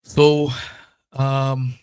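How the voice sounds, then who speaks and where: Brief: male podcast host, foul-mouthed heated rant, mid-pitched, dry close sound. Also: level tone, very slow, darkish tone, clear, resonant tone, no echo. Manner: profane, blunt, heated. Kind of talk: casual ranting monologue.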